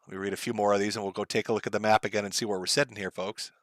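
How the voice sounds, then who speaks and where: A man's voice: on the low side, little pitch movement, rapid-fire, few pauses, fairly bright tone, no echo. A man hosting a livestream, ranting in a profane, heated, sarcastic way and reading out viewer messages. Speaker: livestream host.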